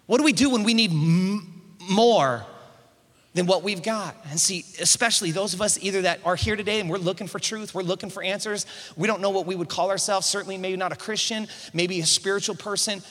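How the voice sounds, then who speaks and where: Man, preacher, high bright voice, call-and-response sermon, long hall reverb. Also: brisk. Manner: repeats words at starts of phrases.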